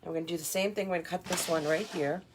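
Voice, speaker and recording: Racing along in a lowish, steady-toned voice over a noisy background, this woman hosts a live wreath-making tutorial and greets viewers by name. She's chatty and upbeat, with plenty of fillers and remarks aimed at her viewers.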